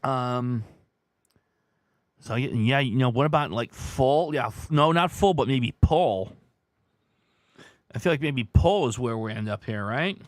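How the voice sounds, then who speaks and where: Man, stream host, casual chat, thinking aloud, unhurried, very animated pitch. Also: no echo, studio quality. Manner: thinks aloud, musing over guesses and chatting with viewers.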